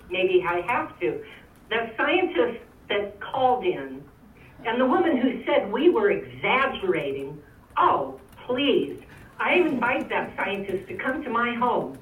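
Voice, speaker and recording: A woman's voice: mid-range voice, fairly bright tone. A woman giving an emotional, pleading public comment at a meeting. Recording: phone-like, echoey, far from mic.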